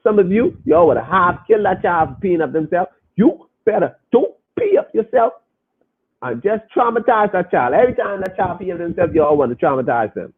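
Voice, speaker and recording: A man hosts a podcast, talking casually and emphatically to his listeners and circling back over his phrases. His voice sits a little high and comes across husky. It plays back thin and tinny, like a phone line. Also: big pitch swings, fast, hardly any pauses. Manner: emphatic, repeats and restarts phrases. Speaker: podcast host.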